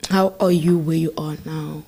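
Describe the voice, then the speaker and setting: A woman's voice: deep voice, steady tone, moderate pace, creaky, mellow, slight background noise. A woman interviewing a podcast guest, asking questions hesitantly with many fillers.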